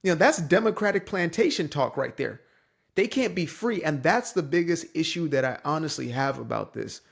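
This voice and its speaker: Emphatic young man with a higher voice. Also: expressive, moderate pace, vocal fry, husky. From San Francisco Bay Area. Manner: emphatic, preachy, conversational. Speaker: commentator. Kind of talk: casual opinion monologue.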